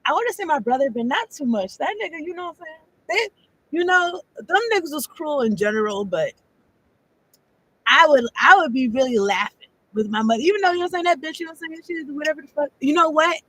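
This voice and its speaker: A woman's voice: high-pitched, a bit bright, rough recording. A woman giving a casual tarot reading, rambling and profane, laughing often as she talks. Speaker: tarot card reader.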